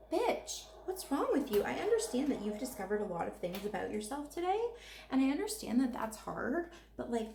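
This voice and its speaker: Gravelly, profane ranting woman. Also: medium pitch, a little mellow, echoey room, a little hiss or hum. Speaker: makeup vlogger. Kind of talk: casual rambling chat while doing makeup.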